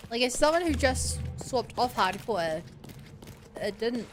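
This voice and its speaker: A woman streamer chats casually while she plays, thinking aloud and reacting to what happens on screen. Her voice sits slightly high. Game music plays clearly behind her. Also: lively intonation, a little slow. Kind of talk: casual gameplay commentary.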